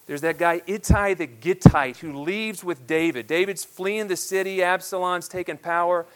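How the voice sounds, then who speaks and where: A man in his thirties delivers a sermon in a noticeably high voice. He builds to loud, ringing declarations, then drops to quiet, hushed asides. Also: normal speed, smooth. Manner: emphatic preaching that swings between loud declarations and hushed asides. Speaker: pastor.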